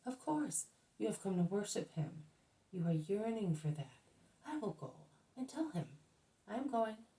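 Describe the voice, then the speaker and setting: A woman voicing an innkeeper who mockingly mimics the Pharisees in an exaggerated, drawn-out voice. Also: medium pitch, big pitch swings, dark tone, roomy sound, far from the mic, voice pushed up, low-quality recording.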